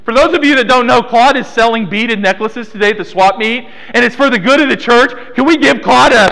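A man's voice: very high voice, a little fast, creaky, sharp tone, slight background noise. A man preaching a sermon as pastor of a small church, playful and teasing members of the congregation by name. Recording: long hall reverb.

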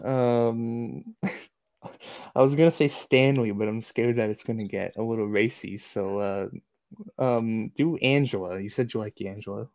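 A man's voice: medium pitch, measured pace, darkish tone, lo-fi sound. A man in casual chat, laughing and teasing his friend.

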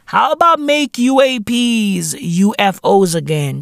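Podcast host going off, swears a lot, pitch jumping all over, slow drawn-out talk, dry close sound. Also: vocal fry, dry recording. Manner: profane, animated, bursts into shouts. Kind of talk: comedic solo podcast rant.

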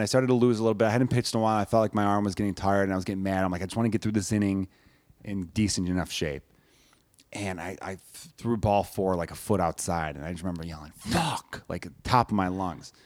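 A man's voice: on the low side, steady tone, fast talker, dry recording. A young adult man in casual chat, a self-mocking storyteller who rambles through anecdotes.

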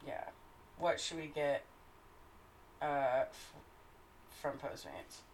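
A woman's voice: low voice, lively intonation, slow, a little hiss or hum, low-quality recording. A woman co-hosting a casual podcast, reacting and laughing often. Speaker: podcast co-host. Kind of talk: casual chat.

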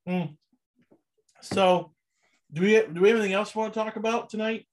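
A young man talks loosely as a podcast co-host, his voice sitting a little high. He rambles along in relaxed chat and laughs often. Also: brisk. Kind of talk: casual chat.

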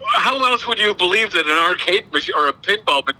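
A man's voice: high voice, animated, fairly quick, pushed and bright, rough recording. A man co-hosting a casual podcast, teasing his friend and laughing often. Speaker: podcast co-host.

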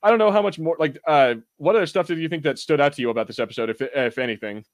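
A man's voice: fairly high pitch, very fast, no echo. A young American man co-hosting a podcast in casual chat, laughing often and swearing casually. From United States. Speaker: podcast co-host.

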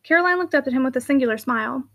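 A woman narrating a classic novel aloud with a clear, even reading. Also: sits high, rapid-fire. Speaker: audiobook reader. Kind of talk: scripted narration.

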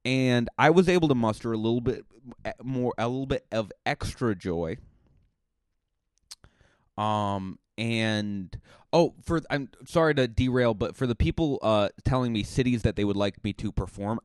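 Guy comic rambling on his podcast, mid pitch, dry close sound, lots of ums and restarts. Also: moderate pace, darkish tone, no room sound. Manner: chatty and rambling, with many restarts and fillers. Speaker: stand-up comedian and podcast host. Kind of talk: casual podcast monologue.

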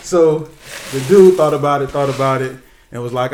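A man's voice: on the high side, moderate pace, reverberant, recorded from a distance. A man casually telling a crude joke to a group at a microphone. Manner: casual, profane, lively. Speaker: joke teller.

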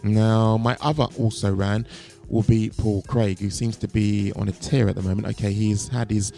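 A man's voice: fairly low pitch, fairly even intonation, moderate pace, gravelly, warm tone, faint music behind. A man co-hosting an MMA show, rambling through fight picks with many fillers and restarts. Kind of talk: casual fight-pick chat.

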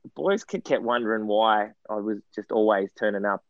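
A man's voice: fairly low pitch, normal speed, no echo, dull audio. Rambling Australian man telling footy stories. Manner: rambling, self-deprecating storyteller with many restarts and fillers. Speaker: guest, former footballer and coaching director. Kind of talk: casual interview chat.

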